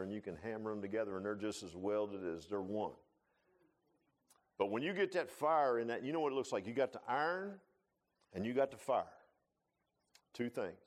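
A middle-aged man preaches a sermon as a pastor in a folksy way, swinging between loud, rising bursts and low, quiet asides.

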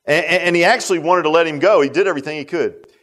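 Male preacher, slightly high voice, folksy sermon delivery that swells loud then drops hushed. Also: very fast. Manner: folksy, swings from loud exhortation to hushed low tones.

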